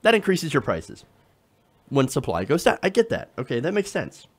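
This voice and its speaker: A man's voice: a little high, wildly swooping pitch, normal speed. A man hosting a political talk show, reading quotes aloud with sarcastic commentary, with frequent fillers and chuckles. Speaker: host.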